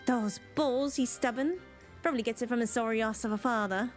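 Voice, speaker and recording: A stern, no-nonsense mother from a fantasy game, barking orders in a rough British accent, as a woman puts her on. Her talk is brusque and scolding. The voice sits a little high. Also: a little fast, soft background music, lightly acted. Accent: rough British attempt. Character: stern blunt mother of a grown son.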